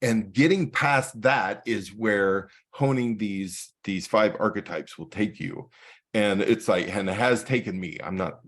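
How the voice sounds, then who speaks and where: A man's voice: fairly low pitch, unhurried. A man giving a casual talk as a photographer, telling stories and acting out the dialogue. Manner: storytelling with acted-out dialogue. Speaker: guest speaker, photographer. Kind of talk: casual presentation.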